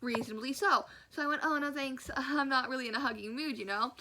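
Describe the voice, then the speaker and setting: Animated young woman telling a storytime. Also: high voice, fast talker, low-quality recording. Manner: animated, acts out quotes, laughs often. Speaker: storyteller vlogger. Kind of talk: casual storytime vlog.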